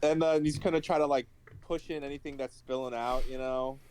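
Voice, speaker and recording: A man's voice: medium pitch, steady tone, fairly quick, a little mellow, slight background noise. Giggly man playing a tabletop game. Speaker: player. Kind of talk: tabletop game role-play.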